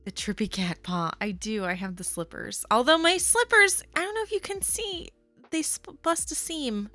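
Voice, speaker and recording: A woman's voice: high voice, very animated, moderate pace, pushed and bright, soft background music. A young woman hosting a casual livestream chat from her desk at home on a webcam. She is chatty and playful and coos to her cat. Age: young adult. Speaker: livestream host.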